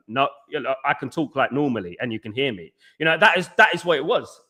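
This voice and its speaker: An adult man hosts a live football fan stream, ranting about his club and reading out viewer comments. His bright, forceful voice sits a bit high for a man, racing along with big pitch swings and few pauses. Opinionated and fired up, he keeps looping back to repeat his points.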